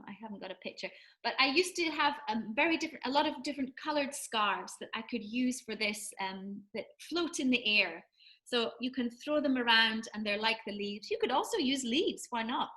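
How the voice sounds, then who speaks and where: Brief: bright high-pitched woman, teacher explaining kids' song time, chatty with ums. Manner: friendly, practical, with frequent fillers. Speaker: English teacher. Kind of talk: instructional talk with sung examples.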